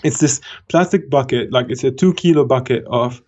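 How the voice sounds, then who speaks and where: Male podcast co-host, 30s, animated casual storyteller; slightly muffled recording. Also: medium pitch, moderate pace. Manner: animated, laughing, acts out quoted voices.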